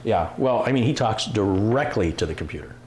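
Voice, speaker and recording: A man's voice: lowish voice, lively intonation, a little fast, a little mellow. A man hosting a live stream, chatting casually, joking and reading viewer comments aloud. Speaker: livestream host. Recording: roomy echo, faint room noise.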